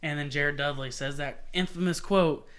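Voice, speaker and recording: A young man co-hosting a casual sports podcast, telling stories in a profane, animated way and mimicking other people. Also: fairly high pitch, normal speed, clear, resonant tone. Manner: profane, animated storytelling with mocking voices. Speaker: podcast co-host.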